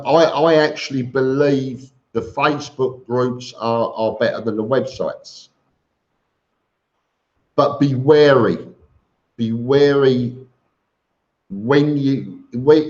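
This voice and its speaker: A man's voice: mid-range voice, darkish tone. A man hosting a casual live stream, greeting viewers by name and answering their questions with chatty, joking asides. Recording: dull lo-fi stream audio.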